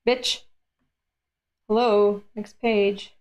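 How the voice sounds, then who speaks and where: A woman from Europe streaming a manga read-along, reacting aloud with animated, profane rants. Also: medium pitch, drawn-out words. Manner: animated, swears freely, rants at the page.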